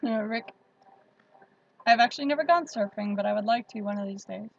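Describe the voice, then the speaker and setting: A woman's voice: fairly high pitch, brisk, vocal fry, lo-fi sound. A woman hosting a casual livestream, chatting with viewers and laughing often. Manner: chatty, laughs often, reads out chat comments. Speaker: livestream host.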